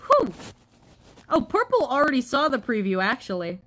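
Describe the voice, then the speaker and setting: A woman's voice: high voice, huge pitch swings, normal speed, a bit bright, a little hiss or hum, rough recording. A woman streamer chatting casually with her viewers, laughing often and answering chat.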